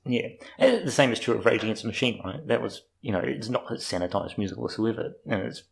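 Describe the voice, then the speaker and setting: A man's voice: lowish voice, lively intonation, a little fast, vocal fry, rough recording. A young man from New Zealand in casual, rambling chat, swearing freely as he talks about life abroad.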